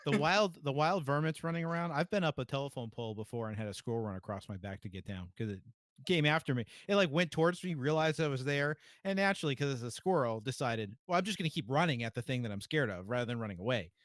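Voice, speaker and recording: Man podcast co-host; mid-pitched voice; dry, close recording; makes joking asides. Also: expressive, fast talker, no room sound. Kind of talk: casual podcast chat.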